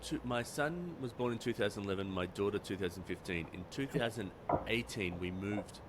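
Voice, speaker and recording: A man with an Australian accent, talking as a guest in a casual interview and telling rambling, animated stories. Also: on the low side, fairly quick. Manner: animated storyteller, rambling with fillers. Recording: noisy background.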